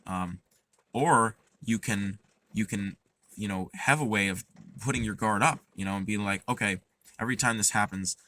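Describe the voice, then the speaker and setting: A man's voice: lowish voice, moderate pace, sharp tone, slight background noise. A young man talking in a casual, earnest way, rambling with lots of fillers and restarts as he gives advice. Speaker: podcast host.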